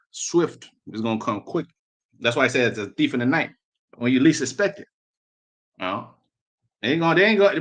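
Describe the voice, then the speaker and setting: A man gives a sermon in a mid-pitched voice. He reads old-style scripture verses aloud. Then he breaks into blunt, slangy commentary, repeating himself as he drives a point home. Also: fairly bright tone. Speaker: preacher.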